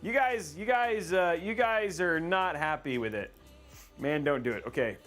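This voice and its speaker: A man hosting a live stream, talking casually with his viewers and laughing often. His pitch swings up and down a lot as he chats. Faint music plays behind him. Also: big pitch swings, moderate pace, a bit bright. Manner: chatty, laughs often, talks to chat. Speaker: livestream PC builder host. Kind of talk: casual livestream chat while building.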